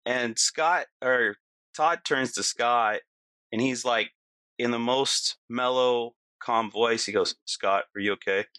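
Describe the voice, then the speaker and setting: A middle-aged man recounts a personal story in an animated, casual way, his talk full of "like" and "you know." His voice is bright and forceful. The sound is close and dry, with no room echo. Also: mid-range voice, slow, clear, resonant tone. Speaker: guest telling a personal story.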